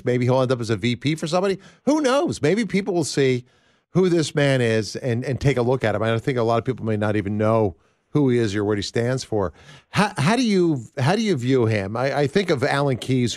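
A man's voice: mid-range voice, a little mellow, dry recording, clean studio sound. Rambling male talk show host. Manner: rambling, conversational, lots of fillers.

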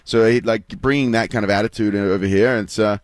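Aussie guy in his 30s talking quick and loose, lots of ums, dry close mic. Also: fairly low pitch, fairly even intonation, dry recording. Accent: Australian. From Australia. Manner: easygoing, chatty, many fillers and restarts. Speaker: guest, pro baseball pitcher. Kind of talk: casual radio interview. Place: live broadcast at a spring training ballpark.

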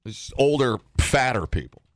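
A man's voice: mid-range voice, expressive, moderate pace, no room sound, studio quality. A man hosting a morning radio show, reading news items aloud with sarcastic wisecracks in casual banter.

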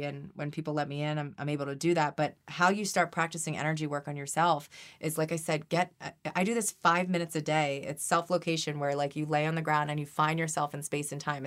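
A woman guest on a podcast, talking earnestly and animatedly about energy healing, often restarting her sentences. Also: low-pitched. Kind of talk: conversational interview.

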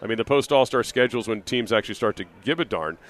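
A man hosting live sports talk radio, broadcasting from an arena. His pitch sits in the ordinary middle range for a man. He chats loosely, circling back on himself with "uh" and "you know.". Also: very fast. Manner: conversational, rambling with fillers and restarts.

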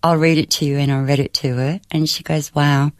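Low-voiced woman telling a personal story. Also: steady tone, brisk, no room sound, clean studio sound. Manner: emotional, quoting others in conversation. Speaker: interview guest, mother. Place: radio studio.

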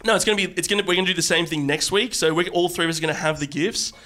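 Excitable man, podcast co-host. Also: high voice. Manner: jokey, quick to burst into loud laughter and shouting. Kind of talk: casual comedy podcast chat.

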